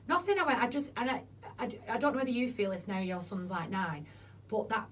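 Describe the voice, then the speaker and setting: This interview guest is a woman whose medium-pitched, expressive voice moves fairly quickly. She tells frank stories in casual chat, cursing freely and acting out quotes, recorded on a distant mic with a faint background noise.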